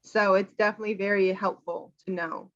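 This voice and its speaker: An American woman, an English teacher, chatting casually about a film with animated quoting. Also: medium pitch, brisk, dull audio. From United States. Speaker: English teacher, channel host.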